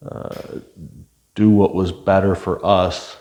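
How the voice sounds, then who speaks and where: An older retired police officer shares stories from his career in plain, conversational language, full of fillers and restarts. His voice is low and darkish, with little pitch movement, and he speaks slowly.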